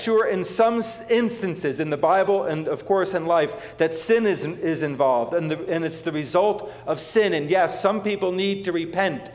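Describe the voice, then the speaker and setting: A man preaching a sermon, repeating key phrases for emphasis, with frequent fillers and restarts. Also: fairly high pitch. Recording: echoey hall with long reverb.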